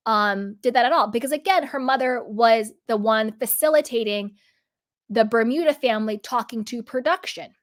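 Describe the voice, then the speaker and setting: A woman's voice: fairly high pitch, a bit bright. A woman giving casual, emphatic commentary, asking rhetorical questions.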